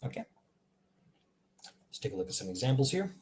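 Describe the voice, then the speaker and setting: A man giving a casual language lesson, saying example words again and again in a relaxed way with small laughs. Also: on the low side, brisk, pauses often. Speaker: language teacher.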